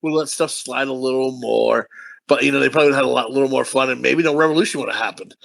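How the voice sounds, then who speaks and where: A man's voice: mid-range voice, fast talker, gravelly, a bit bright. A man co-hosting a casual movie review podcast, telling a rambling, profane story and laughing often. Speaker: podcast co-host.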